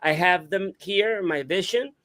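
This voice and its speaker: A man hosting a radio talk show, telling a story in an animated, casual way, swearing and imitating sounds. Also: sits high, measured pace.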